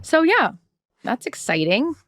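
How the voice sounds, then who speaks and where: A woman co-hosting a podcast in casual chat, telling stories with lively acted-out quotes and casual swearing. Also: high-pitched, measured pace, no room sound, studio quality. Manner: animated storyteller, acts out quotes, swears casually. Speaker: podcast co-host.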